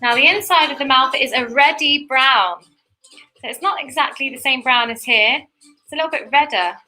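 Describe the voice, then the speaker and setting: A woman's voice: high voice, moderate pace, bright, forceful tone, soft background music, poor audio. A young woman giving a chatty, encouraging step-by-step painting lesson for kids while she paints. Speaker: painting instructor.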